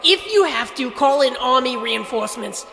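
A woman's voice: sits high, lively intonation, moderate pace, vocal fry, bright, forceful tone, roomy sound, big-room sound, full character voice. A woman voicing a stern male army brigadier who speaks in firm, clipped commands.

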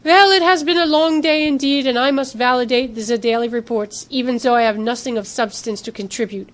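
A woman voicing a cool, controlling female research director with a put-on accent and a crisp, condescending manner. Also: a little high, a little fast, lightly acted. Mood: coolly formal.

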